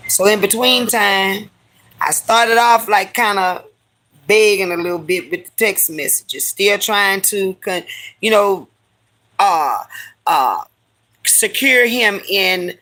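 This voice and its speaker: On a low-quality recording, a woman hosting a live stream tells a personal story to her audience, speaking slowly in a sharp, mid-range voice. She's candid and heated, loading the tale with profanity and slang.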